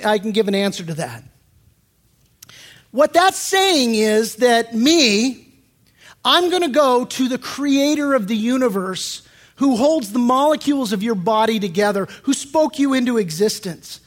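A man's voice: very high-pitched, normal speed. An older man, a pastor, preaching a sermon and telling stories, acting out prayers and quotes as he goes. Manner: animated storytelling preacher, acts out prayers and quotes.

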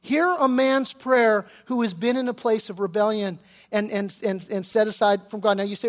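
A man pastor preaching a sermon with passion, his voice swelling loud and pleading when he quotes scripture and prayer. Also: sits high, moderate pace.

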